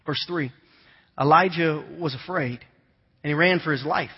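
A man preaches in a casual, storytelling way, his voice sitting a little high for a man. He is recorded in a large church hall with a long reverb trailing his words. The sound is dull and lo-fi. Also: normal speed, breathy edge. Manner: conversational storytelling, animated imitations of children. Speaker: pastor. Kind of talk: sermon.

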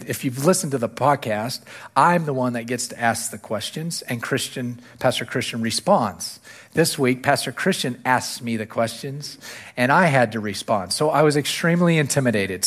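A male pastor delivering a sermon to his church, repeating key phrases and lifting his voice to stress them. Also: medium pitch. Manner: preaching with rising emphasis on key phrases.

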